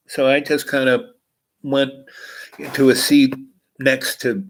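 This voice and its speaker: A man's voice: medium pitch, fairly even intonation, slow pace, long pauses, a bit bright, poor audio. A man casually telling a long personal anecdote, rambling with many fillers and restarts. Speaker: host.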